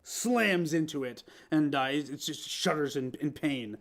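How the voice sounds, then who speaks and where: A man narrating as guest game master of a tabletop game, animated and laughing, with halting restarts. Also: fairly high pitch.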